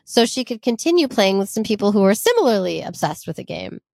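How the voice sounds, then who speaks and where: A woman's voice: medium pitch, very animated, fast talker, vocal fry, darkish tone, no echo. Chatty woman co-host, dry close sound. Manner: chatty, giggly, reads quotes aloud. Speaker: podcast co-host. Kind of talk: casual storytelling chat.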